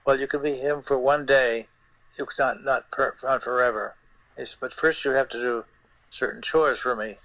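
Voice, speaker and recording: An older man, a guest puppeteer, telling stories in an interview in a halting way, repeating words and using many fillers. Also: medium pitch, fairly even intonation, fairly bright tone, dry recording, low-quality recording. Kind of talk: anecdotal interview storytelling.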